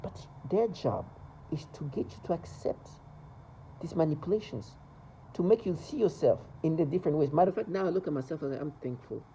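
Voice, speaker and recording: A man's voice: on the high side, animated, brisk, dark tone, slight background noise, low-quality recording. A man talking to camera in a rambling, agitated monologue, repeating himself and stumbling over restarts.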